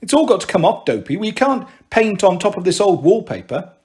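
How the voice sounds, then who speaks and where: A man's voice: high-pitched, big pitch swings, a little fast, a little mellow. A man reading a story aloud, voicing a cheeky older sister who teases and talks back. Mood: teasing. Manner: teasing, brash. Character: cheeky, bold teenage girl. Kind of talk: audiobook reading.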